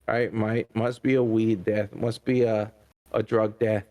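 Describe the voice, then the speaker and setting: A man co-hosting a reaction stream, chatting casually with jokey, deadpan asides. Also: on the low side, measured pace. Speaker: stream co-host.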